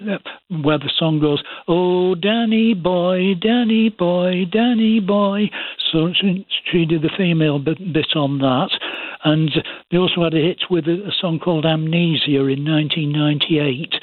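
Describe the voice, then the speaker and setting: Man, hesitant radio caller, slightly high voice, dry phone line. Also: no room sound. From England. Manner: rambling, hesitant, many fillers. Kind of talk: phone-in chat.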